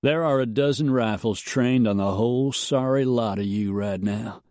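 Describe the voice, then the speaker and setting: A man voicing a steady ranch foreman who speaks firmly and warns. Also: medium pitch, normal speed, dry recording, clean studio sound, lightly acted.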